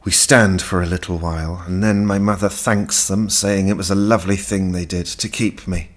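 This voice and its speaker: A man narrating a literary audiobook in a measured, unhurried way. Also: low voice, steady tone.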